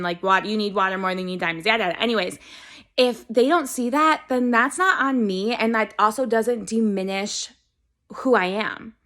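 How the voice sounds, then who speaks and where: Woman in her twenties, vlogger, earnest and gushing, a bit teary, slightly high voice. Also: bright, forceful tone. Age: 20s. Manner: earnest, gushing, talks to herself in mirror. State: teary-eyed. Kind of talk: casual self-talk vlog.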